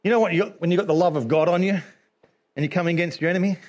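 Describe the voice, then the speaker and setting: A man preaching a sermon in an animated way. He laughs often and acts out little scenes as he talks. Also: high voice, rapid-fire.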